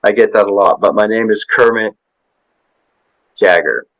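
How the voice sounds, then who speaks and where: A man voicing a calm, polite frog asking for a loan in a spoken joke, matter-of-fact and patient. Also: lowish voice, normal speed, muffled recording.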